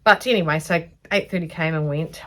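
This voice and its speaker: Aussie lady rambling through a sewing vlog, kinda low voice, chatty. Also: fairly quick, fairly bright tone. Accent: Australian. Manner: rambling, chatty, self-aware. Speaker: dressmaker teaching sewing. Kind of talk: casual chatty tutorial vlog.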